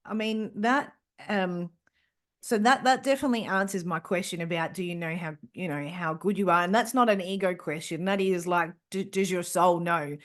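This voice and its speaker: A woman hosting a podcast, speaking reflectively and hesitantly. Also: on the low side. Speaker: podcast host. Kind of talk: podcast conversation.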